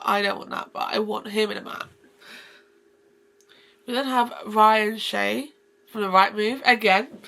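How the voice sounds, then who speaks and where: Casual woman book vlogger: effusive, rambling, fry-heavy delivery. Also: mid-range voice, bright, forceful tone. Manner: gushing and effusive, rambling with restarts. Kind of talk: casual book-review vlog.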